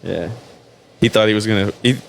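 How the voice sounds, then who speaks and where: A man's voice: lowish voice, fairly quick, creaky, a little hiss or hum. Male podcast host, casual storyteller, swears a lot and voices every side of his stories. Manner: profane, animated, acts out both sides of his stories.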